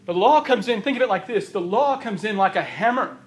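A man preaching a sermon, emphatic and repeating phrases for stress, his voice going hoarse. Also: high voice, lively intonation, brisk. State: losing his voice. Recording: roomy echo of a hall.

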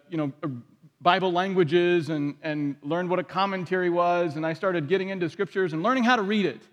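High-voiced male preacher in a reverberant room. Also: a bit bright. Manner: conversational, asks the audience questions. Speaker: pastor. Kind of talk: sermon.

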